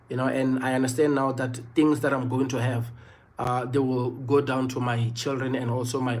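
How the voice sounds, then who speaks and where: A man in his thirties with a South African accent, telling a personal story on a livestream in an earnest way, often repeating phrases. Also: mid-range voice. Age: 30s. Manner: earnest, repeats phrases, many "you know" fillers. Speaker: livestream host.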